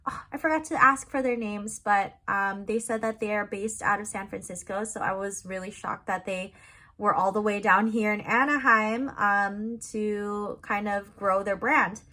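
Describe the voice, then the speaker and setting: Bright, chatty young woman vlogger. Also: medium pitch, steady tone, normal speed. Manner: chatty and upbeat, many fillers. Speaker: vlogger and crochet seller. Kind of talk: casual vlog chat.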